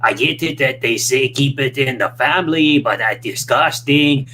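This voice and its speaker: A man putting on a slow, ranting male wrestling-reviewer character with a mock Canadian accent. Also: medium pitch, bright, forceful tone, a little hiss or hum, close to an everyday voice. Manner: slow drawn-out ranting delivery. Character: male Wrestling Jesus character, brash Canadian-style ranter.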